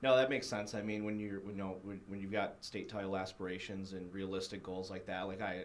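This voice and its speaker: A man hosting a casual sports interview, chatty and quick to laugh, with plenty of fillers. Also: low-pitched, level tone. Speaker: host.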